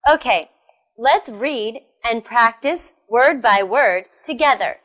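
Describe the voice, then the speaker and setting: A young woman teaching English pronunciation, speaking slowly and carefully as in a classroom. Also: on the high side, expressive. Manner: slow, careful classroom enunciation. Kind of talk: recorded pronunciation lesson. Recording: soft music behind.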